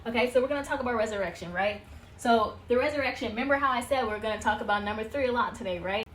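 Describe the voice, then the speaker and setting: A woman teaching spiritual ideas on her own channel in a casual, chatty way. She gets excitable and keeps talking straight to her viewers. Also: fairly high pitch, fast, slight background noise. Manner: addresses viewers as y'all and you guys. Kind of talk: casual teaching talk over slides.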